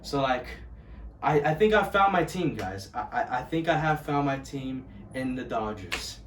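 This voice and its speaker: A man in his early twenties, swearing constantly as he rants casually about sports loyalty and gets loud and heated. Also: mid-range voice, lively intonation, unhurried, distant mic, a little hiss or hum. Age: 20s. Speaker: vlogger. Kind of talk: casual ranting monologue. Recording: echoey room, voice off-mic.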